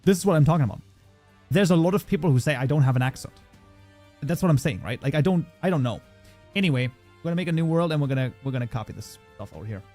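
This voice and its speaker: With faint music behind him, a German-accented man from Germany talks fast in a slightly high, lively, somewhat mellow voice. He runs a casual modding tutorial stream, reading viewers' chat out loud and responding while he works.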